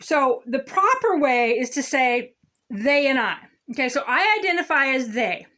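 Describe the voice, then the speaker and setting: A woman's voice: high-pitched, very animated, measured pace, bright, forceful tone, heavily acted. A woman playing a smug, condescending male city councilman who lectures on grammar in a satirical comedy monologue. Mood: smug lecturing. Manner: condescending, lecturing, repeats "okay?".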